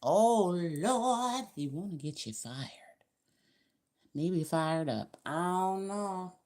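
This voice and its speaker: Woman, tarot reader, very low voice, chatty, loose and colloquial, rambling casual reading. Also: expressive, takes it slowly, a little mellow.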